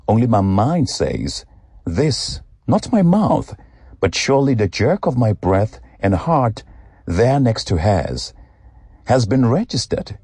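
Low, husky man reading slowly. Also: no echo, studio quality. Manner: slow, deliberate, expressive delivery. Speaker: guest reader. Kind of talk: emotional reading of a personal essay.

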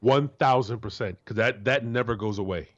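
A man in his forties from Florida, co-hosting a sports talk show as a former player, blunt and profane, jumping into a high voice to act out quotes. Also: normal speed, highs cut off. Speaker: co-host, former NFL player.

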